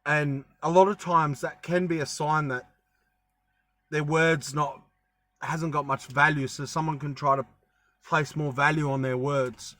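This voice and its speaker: A man's voice: fairly high pitch, steady tone, measured pace, a bit bright. A young man chatting casually to camera, rambling with lots of ums and restarts, with a bit of a cough. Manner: rambling, many ums and self-corrections. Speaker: travel vlogger.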